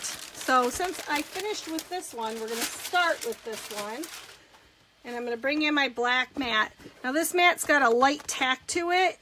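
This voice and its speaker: A woman whose voice sits high runs a chatty live crafting demo over a noisy background. As a craft demonstrator and direct sales consultant, she greets viewers while walking them through every step.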